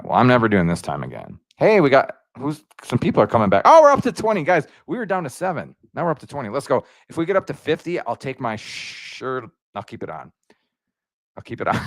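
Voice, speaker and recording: A man hosting a casual livestream, rambling and slangy, jumping up in pitch when he gets excited. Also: no echo, clean studio sound. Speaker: YouTube livestream host.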